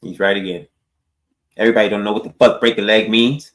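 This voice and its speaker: A man's voice: lowish voice, fairly even intonation, quick pace, a bit bright. A man on a podcast panel mocking the others' arguments with profanity and calling people out by name. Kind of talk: heated debate.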